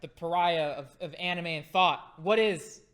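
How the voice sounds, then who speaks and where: A man's voice: on the high side, a little slow, fairly bright tone, smooth. A man co-hosting a casual podcast who moves the talk along and mostly answers with short agreements. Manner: steers the topic, short agreeing replies. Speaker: podcast co-host. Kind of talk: casual chat.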